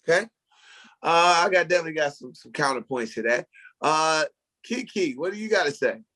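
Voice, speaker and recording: A man hosts a casual podcast chat, tossing topics and questions to his co-hosts. His voice sits slightly high for a man. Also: animated, brisk, pushed and bright. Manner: casual, steering the talk. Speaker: podcast host.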